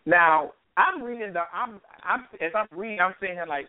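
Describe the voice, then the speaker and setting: A man's voice: high voice, lively intonation, moderate pace, hardly any pauses, no echo. A man hosting a discussion, reading a news account aloud and commenting on it, with many hesitations and restarts. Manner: hesitant, with frequent fillers and restarts. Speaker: host. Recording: dry phone-line call audio.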